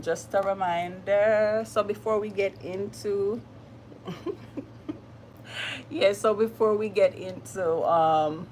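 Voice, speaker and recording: Slow, chatty Jamaican woman hosting a livestream. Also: on the low side, a little hiss or hum. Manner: greets viewers by name, chatty and upbeat. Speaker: livestream host. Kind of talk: casual livestream chat.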